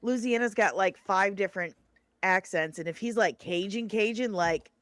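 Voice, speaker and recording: A woman's voice: mid-range voice, normal speed, a bit bright, dry recording. Joking woman guest on a livestream. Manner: joking, teasing. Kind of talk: casual livestream chat.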